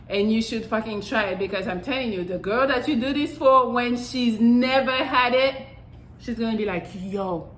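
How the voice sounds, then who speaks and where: A woman's voice: fairly high pitch, fairly bright tone, slight background noise. A young woman hosting her own vlog, giving casual how-to advice in a blunt, profane way and often saying "I'm telling you". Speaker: channel host. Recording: roomy echo.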